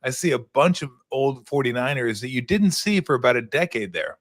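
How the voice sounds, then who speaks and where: A man's voice: mid-range voice, big pitch swings, fairly quick, no echo, clean studio sound. A man hosting a talk show, asking long, rambling, enthusiastic questions in a casual way. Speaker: host. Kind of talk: casual interview chat.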